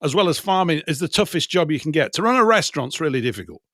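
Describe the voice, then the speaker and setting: Enthusiastic man, rather high voice. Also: fast, no room sound, clean studio sound. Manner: enthusiastic, animated storytelling. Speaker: guest. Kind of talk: casual chat.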